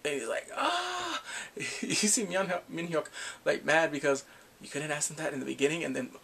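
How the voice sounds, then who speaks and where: A man casually recapping drama episodes, animated and laughing often, acting out the characters' lines. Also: fairly high pitch, a little fast, creaky, breathy edge. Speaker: drama reviewer.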